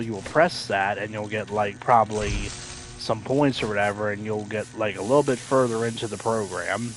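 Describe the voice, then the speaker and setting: A man casually chatting on a game livestream, rambling with lots of fillers and self-corrections, now and then acting out loud excited announcers. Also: slight background noise. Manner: acts out quoted announcers with sudden loud high outbursts. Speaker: livestream gamer.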